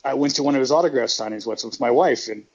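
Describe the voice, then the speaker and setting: A man's voice: mid-range voice, fast talker, muffled recording. A man rambling through profane stories in a casual interview, laughing as he goes. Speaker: guest, retired pro wrestler.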